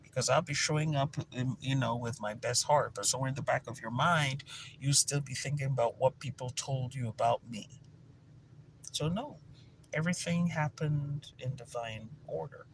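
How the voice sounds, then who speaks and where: A man with a Nigerian accent, a spiritual teacher telling stories to viewers in a lively, energetic way with bursts of laughter. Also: mid-range voice, moderate pace, vocal fry, noisy background. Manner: energetic, animated storytelling with laughter. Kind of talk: casual teaching talk to viewers.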